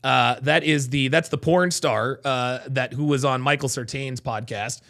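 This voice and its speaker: A man hosting a casual livestream, reading chat and telling profane, animated stories. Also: mid-range voice, measured pace.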